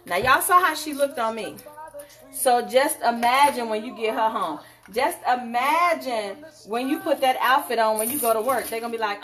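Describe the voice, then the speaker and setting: A woman selling jewelry on a live stream, sassy and animated, calling her viewers honey. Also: on the high side, normal speed. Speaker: online jewelry seller.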